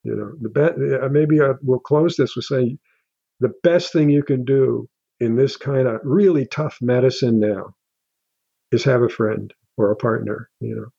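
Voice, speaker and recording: Older man, halting and mellow. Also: medium pitch, gravelly, husky, no room sound, highs cut off. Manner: halting, with many restarts and fillers. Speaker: guest author. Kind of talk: casual interview talk.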